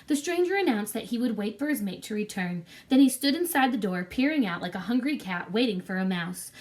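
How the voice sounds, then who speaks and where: A woman narrating a classic adventure story in a clear, measured reading voice. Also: mid-range voice, animated, a little mellow.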